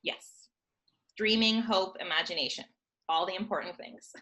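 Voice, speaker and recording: A bright, chatty woman in her thirties talks about her children's theater work. Her voice stays clear and forward while she bounces through her points with frequent laughs. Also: medium pitch, moderate pace, highs cut off. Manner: chatty and animated, laughing often. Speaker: children's theater company guest. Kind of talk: casual remote interview chat.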